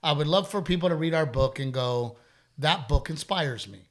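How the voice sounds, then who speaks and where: A middle-aged man hosting a casual podcast chat, with a slightly raised pitch. He tells stories candidly, circling back and repeating himself when he wants to stress something. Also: lively intonation, normal speed, a bit bright. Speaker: podcast host.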